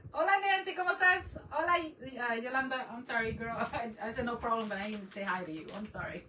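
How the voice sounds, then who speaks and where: A woman's voice: fairly high pitch, brisk, sharp tone, recorded from a distance, a little hiss or hum, poor audio. A woman hosting a live craft stream, chatting casually with viewers and laughing often as she works. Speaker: craft livestream host.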